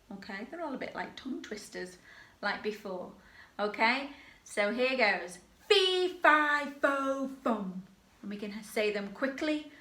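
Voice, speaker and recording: A woman leading a drama workshop, introducing pantomime characters and their call-and-response phrases in a clear, playful way. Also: mid-range voice, fairly bright tone. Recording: echoey room.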